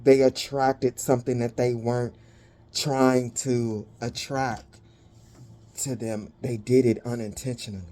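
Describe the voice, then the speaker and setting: A woman giving a spiritual reading to her viewers, dramatic and blunt, swearing freely and pausing to catch her breath. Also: rumbling low, level tone, mellow. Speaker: spiritual reader.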